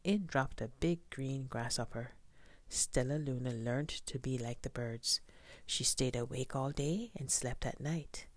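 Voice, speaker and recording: A woman whispering a children's storybook aloud in a soft, gentle voice, as whispered role-play. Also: a bass voice, a little slow, dry recording.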